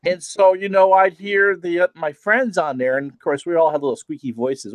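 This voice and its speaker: A man's voice: high voice, steady tone, moderate pace, dry recording. Wry man in his forties, dry close sound. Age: 40s. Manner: wry, chatty reminiscing. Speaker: guest. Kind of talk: casual chat.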